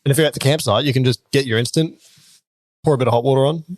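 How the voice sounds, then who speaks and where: A man's voice: medium pitch, very fast, a little mellow, no echo. An Australian man hosting a casual chat, blunt and jokey as he rants. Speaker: podcast host.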